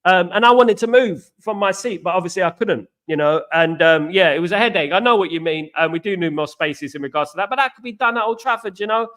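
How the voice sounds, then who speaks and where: Middle-aged fan-channel host, high-pitched, bright and animated, repeats himself as he chats. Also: a little fast, hardly any pauses. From East London, England. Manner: animated, repetitive, chatty storyteller. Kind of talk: live-stream fan chat reading comments.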